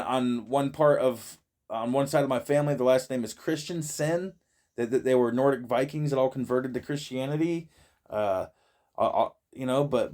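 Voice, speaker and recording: A man's voice: mid-range voice, a little mellow. Stammering, swearing man laughing a lot. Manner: stammering, repeats words, swears, laughs often. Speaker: vlogger reacting to a video. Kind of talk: casual profane monologue. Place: friend's shed.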